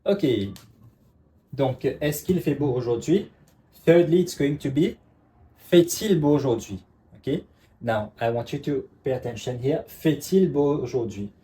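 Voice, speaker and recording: Man teaching, mellow voice. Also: medium pitch. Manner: repeats "ok" constantly, checks understanding, slow emphatic examples. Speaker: French teacher. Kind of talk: classroom lesson explanation.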